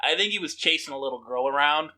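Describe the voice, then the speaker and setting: Dude riffing on a comedy podcast, high sharp voice, pitch all over. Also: male voice, fast talker. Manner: riffing, laughing through jokes. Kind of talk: casual comedy podcast chat.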